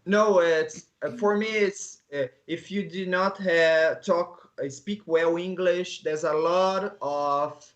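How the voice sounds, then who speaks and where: A Brazilian man, a Portuguese native speaker, talking casually as an interview guest in halting English with many restarts and soft laughs. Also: sits high, fairly even intonation. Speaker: guest, coffee agronomist.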